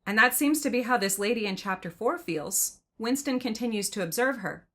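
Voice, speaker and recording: A woman's voice: fairly high pitch, lively intonation, brisk, sharp tone. A woman podcast host reading passages from a novel aloud and commenting on them in a thoughtful, conversational way.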